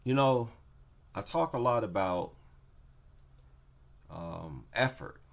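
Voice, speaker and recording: A man casually breaking down fights in an unhurried, drawn-out delivery. His pitch swings up and down a lot as he gives his opinions. He repeats his main points to drive them home. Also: animated, vocal fry. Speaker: MMA commentator.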